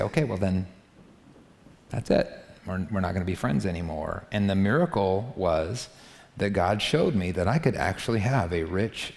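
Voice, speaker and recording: A man's voice: deep voice, gravelly. Emphatic male pastor in a reverberant hall. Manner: emphatic, repetitive, talks straight to the congregation. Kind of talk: sermon. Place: large hall before a live congregation.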